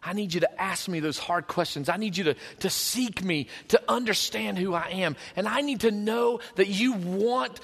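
A man voicing God as a patient, pleading father, speaking softly and coaxingly in a sermon. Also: high voice, normal speed, gravelly, hardly any pauses, long reverb tail, heavily acted. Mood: pleading gently. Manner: soft, hushed, coaxing.

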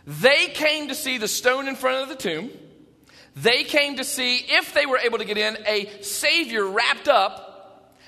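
High, bright-voiced animated pastor. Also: male voice, a little slow, in a large hall. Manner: animated, shifts between hushed and shouting. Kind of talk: Easter sermon. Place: church sanctuary.

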